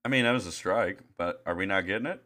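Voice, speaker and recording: A man's voice: deep voice, fast, dry recording, clean studio sound. A man co-hosting a casual podcast, joking crudely while watching a ballgame. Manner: joking, crude, loud bursts. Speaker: podcast co-host.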